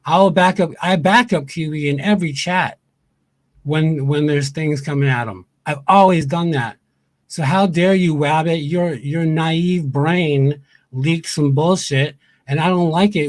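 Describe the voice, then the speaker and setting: A man's voice: fairly high pitch, no room sound. A man ranting on a livestream, angry and profane, repeating his points over and over. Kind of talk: heated livestream rant.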